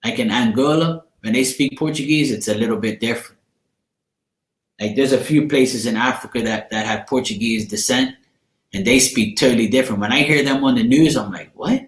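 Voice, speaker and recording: A man's voice: medium pitch, fairly quick, echoey room. A man from Bermuda with a Bermudian accent, rambling in slangy, profane casual chat as he hosts a livestream. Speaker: livestream host.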